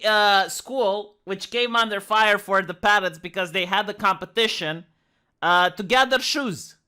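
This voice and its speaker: High, bright sarcastic Romanian man. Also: smooth. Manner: mocking, sarcastic. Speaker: commentary host. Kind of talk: sarcastic comedic commentary.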